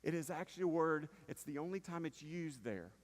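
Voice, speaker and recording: A man preaching a conversational sermon as pastor, dropping to a hush then rising to emphatic points and checking in with the congregation. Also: fairly high pitch, animated, a little fast. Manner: conversational preaching with frequent "right?" asides, swinging from hushed to emphatic. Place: church sanctuary. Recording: long reverb of a church hall.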